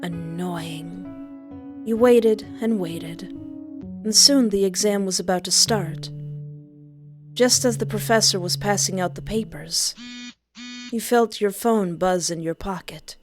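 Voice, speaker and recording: A woman with a mid-range voice, speaking a little slowly, reads a second-person story aloud and breaks off for playful comments of her own, with background music running under her voice.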